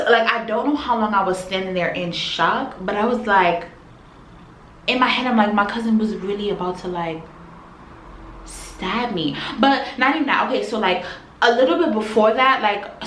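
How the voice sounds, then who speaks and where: A woman vlogger telling a personal story in a casual, animated, slangy way that swings between loud and quiet. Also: fairly high pitch, normal speed. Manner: animated, slangy retelling, shifts loudness. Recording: echoey room, faint background hum.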